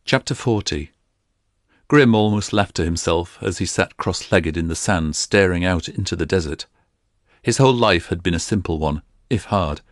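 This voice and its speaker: A man narrating a fantasy audiobook in a steady storytelling delivery. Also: low voice, no room sound, studio quality.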